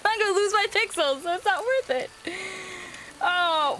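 Bubbly high-voiced woman playing a game. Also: measured pace, background noise. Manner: bubbly and excitable, squeals at cute things. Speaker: gaming video host. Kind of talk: casual let's-play commentary. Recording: game music behind the voice. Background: game music.

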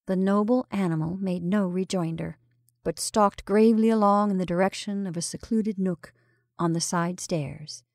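Calm woman reading a story. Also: medium pitch, moderate pace, no echo, studio quality. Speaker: story reader. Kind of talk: storytelling narration.

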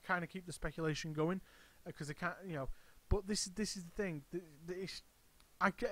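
A man's voice: on the high side, a bit bright. A man hosting his own channel, giving casual, rambling commentary full of hesitations and restarts. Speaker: wrestling channel host.

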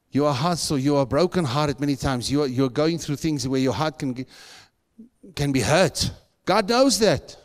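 A man preaching from the pulpit, his voice leaping up in pitch and volume to drive each point home. He quizzes the congregation with rhetorical questions, at a middling pitch for a man. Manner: emphatic preaching with sudden rises in pitch and loudness. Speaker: pastor. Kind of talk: sermon. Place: church sanctuary.

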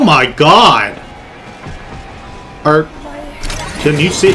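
A man giving loud, jokey game commentary, swearing and yelping in fright as he plays. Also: fairly high pitch, lively intonation, unhurried, long pauses, faint music behind. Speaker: gaming video creator.

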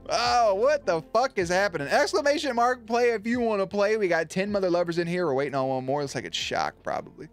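A man's voice: sits high, sing-song, fairly quick, hardly any pauses, faint music behind. A young man streaming and commentating marble races in a hyped, playful way, swearing freely and calling the action like a sportscaster. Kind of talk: casual livestream commentary.

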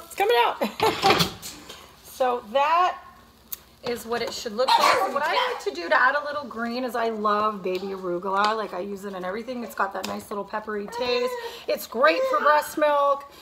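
High-voiced chatty mom in a noisy kitchen. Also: female voice, big pitch swings, normal speed, creaky. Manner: chatty, cooing, baby-talk asides. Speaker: cooking vlogger and mother. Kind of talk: casual cooking vlog chat. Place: home kitchen. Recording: noisy home recording. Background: baby crying.

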